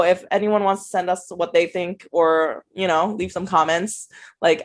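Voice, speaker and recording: A woman co-hosting a casual podcast, talking loosely with many "like" fillers. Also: fairly low pitch. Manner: chatty, fillers of "like", laughs often. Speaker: podcast co-host.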